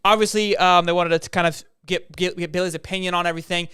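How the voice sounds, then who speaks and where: A high-voiced man talks fast and excitedly, laughing often as he drifts from point to point. His voice is smooth and clear on a dry, close recording. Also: no echo. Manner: excitable, laughs a lot, goes off on tangents. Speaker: sports podcast co-host. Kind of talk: casual sports chat.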